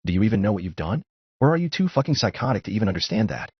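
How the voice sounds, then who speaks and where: A man's voice: fairly low pitch, very animated, very fast, slightly rough, no room sound. A man voicing an angry, hot-headed young male ninja who curses and accuses, on a dull lo-fi recording. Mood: furious. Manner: furious, cursing, accusing.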